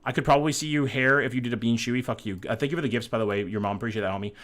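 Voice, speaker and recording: A man's voice: mid-range voice, rapid-fire. Swearing joking male streamer. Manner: loose and joking, reads chat messages aloud, swears freely; bursts of excited hype between calmer musing. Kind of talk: casual live-stream chat while playing a map-guessing game.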